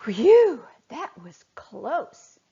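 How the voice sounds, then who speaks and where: A woman's voice: sits high, very animated, drawn-out words, creaky, warm tone, pitched above the performer's own voice, full character voice. A woman voicing an eager young male fish in a children's storybook reading. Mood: worried. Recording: dull lo-fi recording.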